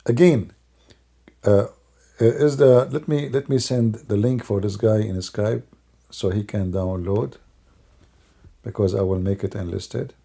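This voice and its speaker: A man's voice: fairly low pitch, measured pace, gravelly, pauses often, mellow. A man doing live-stream commentary in a mocking, sarcastic way, with non-native English grammar. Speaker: online religious commentator.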